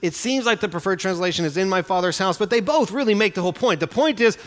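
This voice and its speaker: A man's voice: high voice, lively intonation, quick pace. A man preaching a Bible sermon in a conversational teaching manner, often checking in with "right?". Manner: conversational, tags points with "right?". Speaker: pastor. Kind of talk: expository sermon. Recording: long hall reverb.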